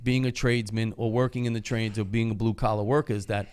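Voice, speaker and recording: A man's voice: fairly low pitch, fairly even intonation, fast, darkish tone, smooth. A man hosting a casual podcast, talking loosely and profanely about working in the trades. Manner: loose, profane, laughs often. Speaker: podcast host.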